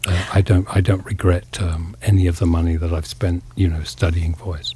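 A man from England, an actor being interviewed, talking in a reflective, halting way with many pauses and fillers. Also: low voice, fairly even intonation, mellow, breathy edge. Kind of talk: casual interview talk.

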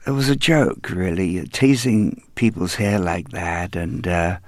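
An older man from London with a trained English accent, a hairdresser telling stories in an unhurried, anecdotal way during an interview. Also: sits low, expressive, darkish tone, no room sound. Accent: English, elocution-trained. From London, England. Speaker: hairdresser guest. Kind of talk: relaxed interview storytelling.

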